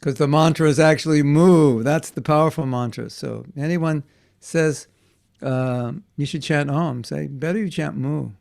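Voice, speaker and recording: Brief: man telling children stories, a little high, gravelly, acts out quotes. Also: a little slow. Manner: animated, acts out voices in quotes. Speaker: teacher. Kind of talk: storytelling class for children.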